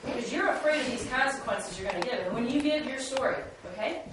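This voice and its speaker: A woman's voice: on the high side, expressive, fast talker. A woman teacher giving instructions to her class and directing students through a role-play. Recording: very echoey, distant and noisy classroom recording.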